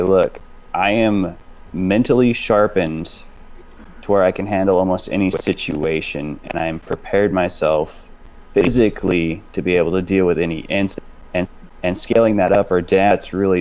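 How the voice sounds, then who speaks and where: A man with a very low voice who thinks aloud, often circling back and repeating words as he works out his point. There is a faint hiss of noise under him. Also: darkish tone, rough recording. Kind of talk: casual group discussion on a live stream.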